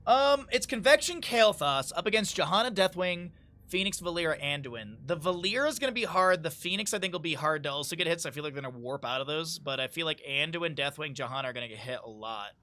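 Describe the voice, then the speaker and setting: A man with a fairly high, bright and forceful voice, casting a game live on stream. He keeps it casual and upbeat, joking with his viewers. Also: expressive, fast. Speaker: esports caster and streamer.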